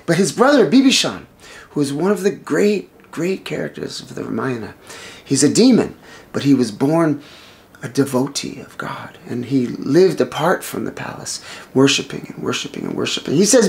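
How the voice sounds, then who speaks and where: A male storyteller retelling an epic tale in an animated, improvised way, with restarts and sudden shouts. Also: mid-range voice, normal speed, gravelly.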